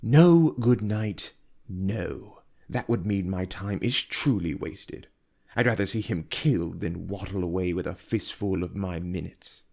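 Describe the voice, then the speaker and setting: A man reading aloud and voicing a cold, calculating noblewoman who speaks slowly and quietly with open disdain. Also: low voice, gravelly, heavily acted. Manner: slow, hushed, icy and disdainful.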